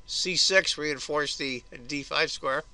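A hoarse man hosting his own chess video, talking through a game's moves with blunt, grumbling asides. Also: a little high, slow pace, bright, forceful tone, no echo. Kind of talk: casual chess game commentary.

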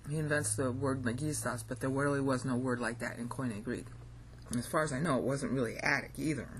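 A woman's voice: a bass voice, fairly quick, slight background noise. A woman with an American accent giving an informal recorded lesson, thinking aloud and often checking in with "okay?". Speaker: language teacher.

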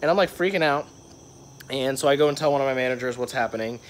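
A man's voice: mid-range voice, fast talker. A young man telling a story to his vlog camera, rambling, with lots of "like" and "um". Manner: rambling, filler-heavy storytelling. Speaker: vlogger. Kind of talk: casual vlog monologue.

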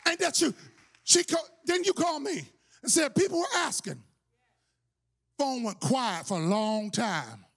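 A man preaching a sermon as pastor, telling a story with shouting, playful energy. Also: very high-pitched, animated, a little slow, gravelly. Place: church sanctuary.

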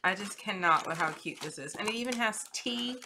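A woman's voice: medium pitch, fairly quick. Gushing woman unboxing at a craft desk. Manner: gushing, excitable, squeals over cute items. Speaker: crafting channel host. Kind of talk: casual unboxing chat. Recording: clear background noise, paper crinkling.

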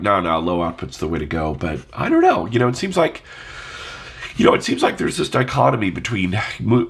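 Stuffed-up man musing, gravelly and low. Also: a bit bright. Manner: musing, rambling, asks viewers questions. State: stuffed-up nose. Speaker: audio vlogger. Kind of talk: casual talk to camera.

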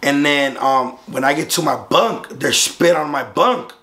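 His voice sits on the high side and his pace is measured as this young Southern Californian vlogger casually recounts a story. Swearing freely and animated, he performs the other people's voices himself.

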